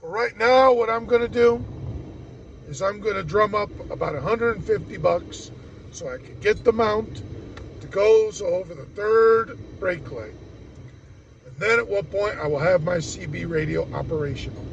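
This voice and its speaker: A man's voice: high voice, normal speed, vocal fry, dull audio, slight background noise. A man ranting casually to camera in a rambling, wry way, mimicking other people as he goes. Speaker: vlogger.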